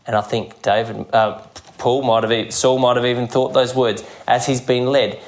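Man, preacher, earnest sermon delivery, measured pace, middle pitch. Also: little pitch movement. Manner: earnest, measured preaching with dramatic quoted voices. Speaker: pastor.

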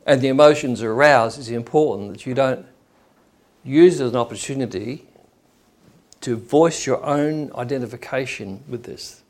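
A man's voice: medium pitch, normal speed. A man preaching a sermon in a conversational way, acting out the people he quotes.

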